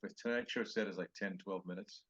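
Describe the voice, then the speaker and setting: A man's voice: low voice, steady tone, brisk, a bit bright, muffled recording. An older male comedian telling road stories in a podcast interview, acting out other people's lines in raised voices. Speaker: comedian guest.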